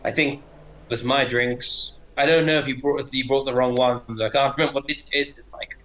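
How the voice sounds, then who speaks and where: A man's voice: mid-range voice, fairly even intonation, normal speed, pushed and bright, lightly acted. A man voicing a towering, jovial female half-orc brawler with a hearty, friendly manner.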